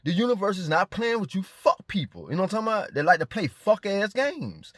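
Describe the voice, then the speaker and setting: A man's voice: sits high, very animated, fast, fairly bright tone, no echo, studio quality. A man delivering a confrontational spiritual rant. He is defiant and profane, and he keeps repeating rhetorical check-ins to his listeners. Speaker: vlogger.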